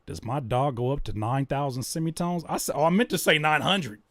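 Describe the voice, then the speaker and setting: A man hosting a casual livestream, reacting to music and joking with chat in an animated way. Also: on the high side, fairly quick, dry recording, clean studio sound. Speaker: livestream host giving music feedback.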